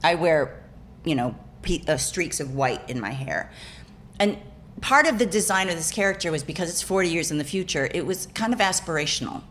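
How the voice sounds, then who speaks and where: A woman's voice: low voice, lively intonation, brisk, a bit bright, slight background noise. A woman actor, a guest in a casual interview, telling rambling stories with frequent restarts and laughs. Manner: rambling, self-correcting, laughing storyteller.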